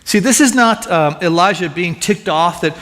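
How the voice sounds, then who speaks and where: A man with a high voice preaches to his congregation, animated and conversational. He restarts and doubles words as he gets going. The sound carries a long reverb, as in a church hall. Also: normal speed. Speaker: pastor. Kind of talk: sermon.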